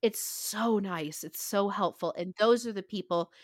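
A middle-aged woman hosting a podcast, expressive and blunt, swearing freely as she tells stories. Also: medium pitch, measured pace, no echo, studio quality. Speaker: podcast host. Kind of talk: casual conversational chat.

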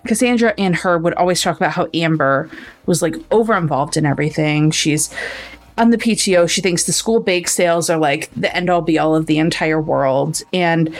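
A woman co-hosting a book podcast, recapping a thriller in a casual, animated way and acting out the characters' lines. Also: deep voice, moderate pace. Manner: animated retelling with acted-out quotes. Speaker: podcast co-host.

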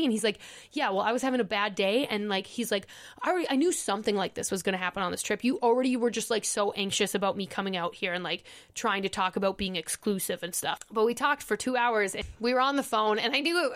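A woman podcast host in casual chat, animatedly retelling a breakup and reading old text messages aloud. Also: a little high.

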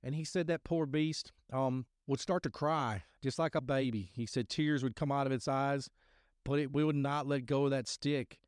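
A middle-aged man tells a story on his podcast in a loose, rambling way, circling back and restarting his sentences. His voice is smooth and clear, recorded close and dry. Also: medium pitch, steady tone, moderate pace, no echo. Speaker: podcast host sharing testimony. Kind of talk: casual spoken testimony.

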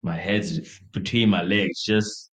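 A man's voice: sits low, fairly even intonation, takes it slowly. A young man co-hosting a podcast, casually telling a party story, acting out quotes in a raised voice and laughing often. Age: young adult. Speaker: podcast co-host.

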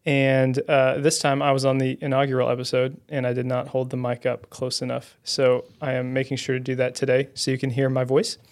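A man's voice: medium pitch, monotone, fairly quick, few pauses. A man guest-hosting a podcast in casual chat, friendly and rambling as he asks questions. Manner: friendly, rambling, many fillers and restarts.

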